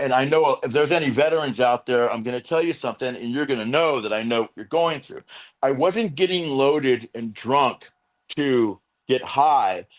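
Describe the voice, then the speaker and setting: A middle-aged man, a veteran and interventionist, telling his recovery story as an interview guest, animated and acting out quotes. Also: mid-range voice. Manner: animated storyteller, acts out quotes, fillers like "you know".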